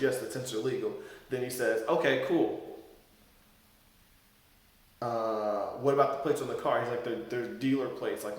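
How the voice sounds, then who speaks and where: Animated young man in an echoey room. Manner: animated, acts out quotes with shifting pitch. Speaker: vlogger telling a personal story. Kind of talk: casual storytelling monologue. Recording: very echoey room with long reverb.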